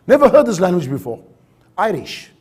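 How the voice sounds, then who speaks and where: A man's voice: high voice, big pitch swings, brisk, darkish tone, slightly rough. A man giving a storytelling keynote talk on safety, acting out dialogue with animation. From South Africa.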